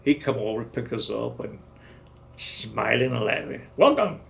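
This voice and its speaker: An older man in his seventies recalls his service in a loose, wandering storytelling manner, and often acts out what others said. His voice has a gravelly fry, set at a middle pitch for a man. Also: steady tone, unhurried, a bit bright. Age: 70s. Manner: rambling storytelling, acts out dialogue. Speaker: veteran interviewee. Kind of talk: oral history interview.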